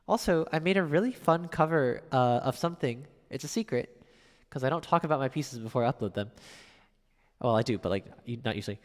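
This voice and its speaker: Chatty man with a lively voice. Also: mid-range voice, brisk, in a large hall. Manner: reads viewer messages aloud and answers chattily. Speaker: piano streamer. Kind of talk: casual live-stream chat.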